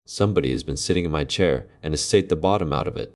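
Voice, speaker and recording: A man voicing a little wee bear cub from a storybook, with a small, sharp voice. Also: very deep voice, quick pace. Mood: indignant.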